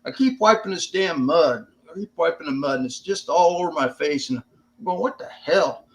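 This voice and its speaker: A man's voice: on the high side, moderate pace. An older American man, a veteran guest on an interview podcast, telling stories in a plainspoken, casual way with some swearing. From United States.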